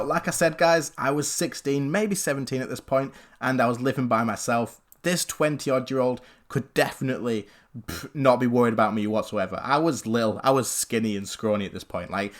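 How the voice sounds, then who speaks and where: Young male YouTuber, casual story time; animated, chatty, middle-range voice. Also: medium pitch. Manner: animated, chatty, leans on "literally". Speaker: gaming YouTuber.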